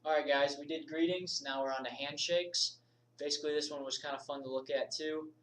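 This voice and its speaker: A man from the United States teaching a casual video lesson, informal and energetic, moving around and gesturing as he talks. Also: a little high, brisk, distant mic, slight background noise, rough recording. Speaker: body language instructor.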